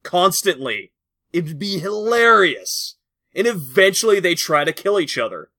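A man's voice: sits high, sing-song, a little slow, pushed and bright, no echo, studio quality. A man co-hosting a casual podcast, rambling and joking as he talks. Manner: rambling and joking, laughs often. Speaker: podcast co-host.

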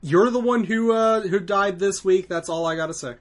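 A man hosting a gaming podcast, talking casually and haltingly with frequent fillers. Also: high voice. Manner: laid-back, halting with fillers. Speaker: podcast host. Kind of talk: casual chat.

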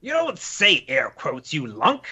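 A man's voice: a little high, huge pitch swings, a little slow, bright, forceful tone, breathy edge, faint music behind, exaggerated voice. A man voicing a blind, cryptic old moth priest who speaks in ominous rhymes, in an audio drama. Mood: cranky. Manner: cryptic rhyming prophecies, cranky.

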